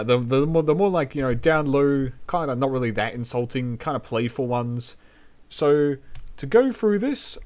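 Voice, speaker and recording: A man's voice: mid-range voice, darkish tone. Laid-back New man swearing casually. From New Zealand. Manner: laid-back, profane, laughs often. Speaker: VTuber host. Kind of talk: casual language lesson.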